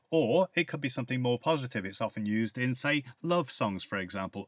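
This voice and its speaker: A man's voice: medium pitch, fairly quick, few pauses, sharp tone, dry recording. A man with a British accent, teaching English phrases in a podcast lesson and explaining each one with example sentences.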